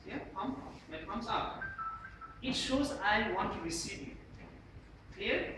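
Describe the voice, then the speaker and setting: A man with a Bangladeshi English accent lecturing a university class on presentation gestures, often checking in with "Clear?" and "Yes?". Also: high-pitched, takes it slowly. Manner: animated, repeatedly asks "Clear?" and "Yes?". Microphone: camera at the back of the room. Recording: echoey classroom from far off, noisy.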